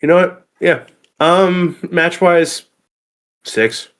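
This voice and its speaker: A man guesting on a livestream, chatting casually in a relaxed, rambling way. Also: on the high side, extremely slow. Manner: relaxed, rambling, with fillers and restarts. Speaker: guest co-host. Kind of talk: casual chat.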